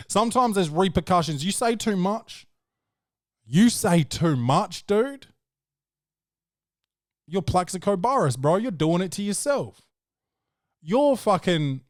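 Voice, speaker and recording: A man's voice: high-pitched, no echo. A podcast host with a slightly raised voice, spinning loose, profane anecdotes. He tells them off the cuff and keeps tossing in "bro". The sound is dry and close. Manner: rambling, profane storytelling, peppered with "bro". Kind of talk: casual chat.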